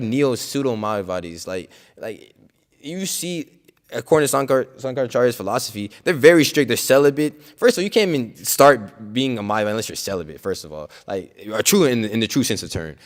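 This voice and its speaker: Man, mid-pitched, giving an informal religious talk; conversational and filler-heavy, emphatic and outspoken. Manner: conversational, full of "like" and "you know". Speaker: speaker at a scripture class.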